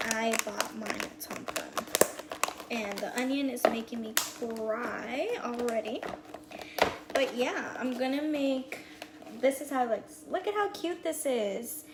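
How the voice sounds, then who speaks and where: A woman talks slowly and easily in a slightly high voice as she hosts a meal prep livestream. She chats to her viewers and counts items aloud. Her kitchen sounds echoey, with loud background noise all through. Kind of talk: casual livestream demo. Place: home kitchen. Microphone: earpiece mic.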